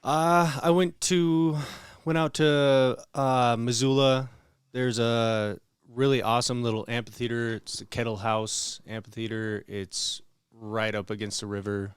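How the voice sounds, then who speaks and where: A laid-back man from Montana chatting as podcast co-host, halting with fillers. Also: medium pitch, steady tone, clear, resonant tone, no echo, clean studio sound. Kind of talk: casual chat.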